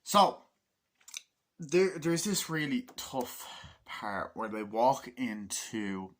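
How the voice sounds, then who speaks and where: A man's voice: medium pitch, very animated, very slow. Rambling, sweary man reviewing a film. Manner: rambling, swears a lot, acts out quotes in a raised shouting voice. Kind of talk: casual spoken film review.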